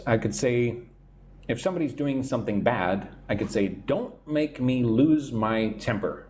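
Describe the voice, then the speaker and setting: A man's voice: medium pitch, dark tone, a little hiss or hum. Man, english teacher, live idiom lesson, reads chat aloud, keeps asking "right?".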